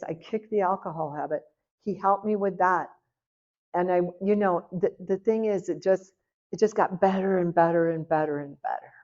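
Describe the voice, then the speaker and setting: Middle-aged woman sharing her testimony at a church seminar, lively storyteller, kinda dull lo-fi sound. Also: on the low side. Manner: lively storytelling, acts out dialogue. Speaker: guest speaker giving a personal testimony. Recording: lo-fi, dull recording.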